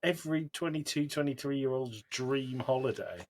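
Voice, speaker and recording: A man's voice: mid-range voice, normal speed, darkish tone. A man with an English accent, co-hosting a podcast, reacting to his co-host's story with wisecracks in casual banter. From England. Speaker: podcast co-host.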